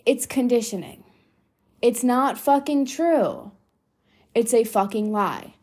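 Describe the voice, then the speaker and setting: A woman's voice: a little high, slow pace, a little mellow, husky. A young adult woman hosting a motivational solo podcast, talking bluntly and swearing freely for emphasis. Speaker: podcast host.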